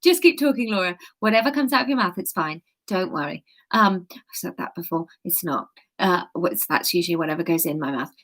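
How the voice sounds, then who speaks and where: A woman's voice: fairly low pitch, lively intonation, brisk, a bit bright. A woman reading her own book aloud, breaking off into giggly, self-mocking asides. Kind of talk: casual read-aloud livestream.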